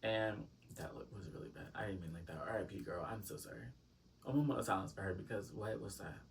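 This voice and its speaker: A man's voice: on the low side, fast, vocal fry, slight background noise. Man, storytime vlogger, rambling, filler-heavy, dramatic asides, slightly distant mic. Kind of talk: casual storytime chat.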